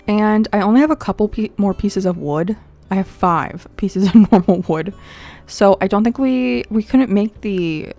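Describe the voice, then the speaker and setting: A woman's voice: medium pitch, a little mellow. Young woman chatting thru her island build, rambly and giggly, bit of music under her. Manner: chatty, thinking aloud, frequent likes and giggles. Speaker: gaming YouTuber. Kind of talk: casual gameplay commentary.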